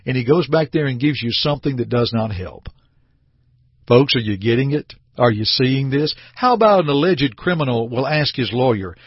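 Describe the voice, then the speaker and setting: A man's voice: mid-range voice, normal speed, breathy edge, no room sound, dull audio. A man preaching an earnest radio sermon, acting out short everyday scenes to make his point. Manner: earnest, animated preaching with acted-out little scenes.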